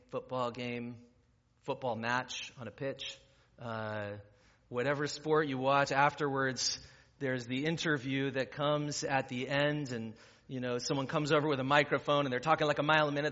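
Bright-voiced preacher in a reverberant hall. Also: male voice, medium pitch, level tone, moderate pace. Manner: conversational, rising to emphatic preaching. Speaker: pastor. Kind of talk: sermon. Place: church sanctuary. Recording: muffled recording in a reverberant church hall.

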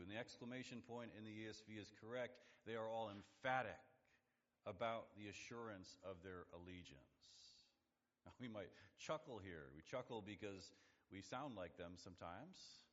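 A man preaching a sermon, building up to emphatic high points and dropping to hushed, low lines. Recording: lo-fi sound in a long-reverb hall.

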